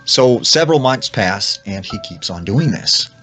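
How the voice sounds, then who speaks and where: A man's voice: lowish voice, expressive, unhurried, a bit bright, soft background music. A man casually retelling a creepy story, full of "like" and quoted lines. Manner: retells with lots of "like" and acted quotes. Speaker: storyteller in clip.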